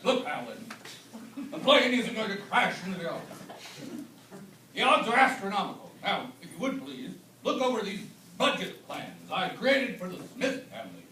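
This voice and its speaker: A man's voice: sits high, very animated, moderate pace, sharp tone, roomy sound, far from the mic, slight background noise, full character voice, rough recording. A young man acting a weary, scolding office coworker on a school stage. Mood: exasperated. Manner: exasperated and scolding. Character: exasperated male office coworker, the straight man.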